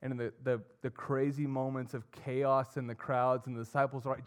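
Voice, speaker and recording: Young guy giving a sermon, earnest, gets loud then goes quiet, mid-pitch voice. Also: flat delivery, brisk, hardly any pauses. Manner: earnest, rising to emphatic and dropping to soft. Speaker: pastor.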